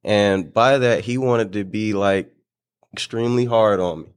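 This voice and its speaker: Low-voiced man, relaxed guest. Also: unhurried, clear, resonant tone. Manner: relaxed, many fillers, laughs easily. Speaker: guest, business owner. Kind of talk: casual interview chat.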